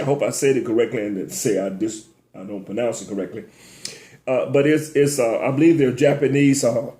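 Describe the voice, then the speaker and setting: Guy hosting a talk show, preachy and fired up, keeps going up high on the big lines, dark tone, echoey room. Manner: preacherly, repeats "ladies and gentlemen", rising to high emphatic peaks. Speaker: host. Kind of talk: impassioned talk-show monologue.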